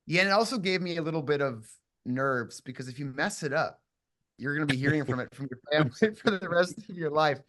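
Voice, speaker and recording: A man's voice: fairly high pitch, fairly quick, a bit bright. A man from southern Minnesota, an actor, talking casually and thoughtfully about his role, circling back with restarts and fillers. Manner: reflective, rambling, full of restarts and fillers. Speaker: actor guest. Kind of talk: casual interview chat.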